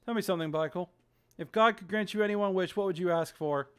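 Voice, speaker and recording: A streamer reading aloud the lines of a calm, wise young woman from a story game, in a soft, measured voice. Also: medium pitch, clear, resonant tone, voice pushed down, lightly acted.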